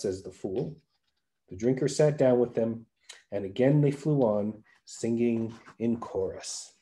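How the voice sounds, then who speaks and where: A man narrating a folktale aloud with a lively, varied storytelling delivery. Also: medium pitch, a little slow. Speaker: podcast storyteller.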